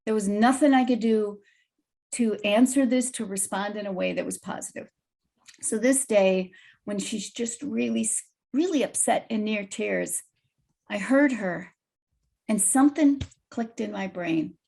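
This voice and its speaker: Woman, guest storyteller, animated, slightly gravelly, video call. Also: medium pitch, unhurried.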